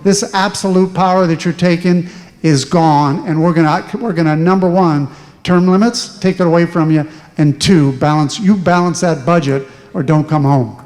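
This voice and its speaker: A man's voice: fairly high pitch, moderate pace, darkish tone. A man speaking as a candidate on a town hall panel, stressing points by repeating them. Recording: echoey hall.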